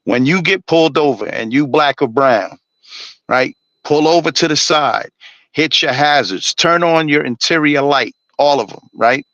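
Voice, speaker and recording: Blunt, forceful man ranting on a stream. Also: a little high, unhurried, no echo, dull audio. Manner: blunt, preachy, swears constantly. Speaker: live streamer. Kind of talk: profane ranting monologue.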